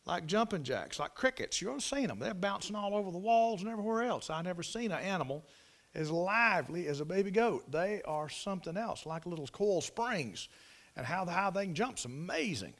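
A man, telling a folksy farm story in a devotional talk, in an animated country manner. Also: high-pitched, a little fast.

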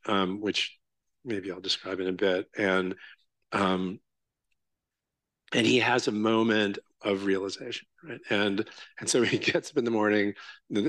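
A man's voice: fairly low pitch, fairly bright tone, no echo. A male Zen teacher giving a conversational dharma talk with many fillers, restarts and a frequent "right?".

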